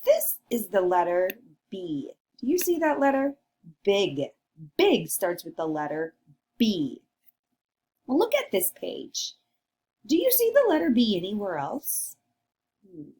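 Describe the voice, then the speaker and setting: A woman's voice: medium pitch, huge pitch swings, takes it slowly, long pauses, darkish tone. A woman teacher leading a read-along lesson for young children, encouraging and sing-song.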